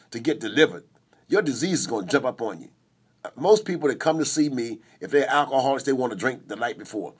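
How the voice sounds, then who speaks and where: A man's voice: medium pitch, husky. A middle-aged man preaching a sermon on a recovery radio show, emphatic and repetitive with call-and-response.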